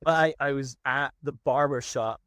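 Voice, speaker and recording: A man's voice: medium pitch, steady tone, measured pace, fairly bright tone, dry recording. A middle-aged veterinary practice manager, a man, telling stories in a casual interview and acting out his own stern warnings to clients.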